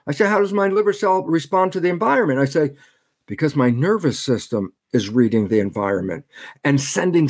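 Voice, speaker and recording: A man's voice: fairly high pitch, breathy edge. An older man, a podcast guest, giving an emphatic lecture-style explanation and acting out imagined back-and-forth dialogues.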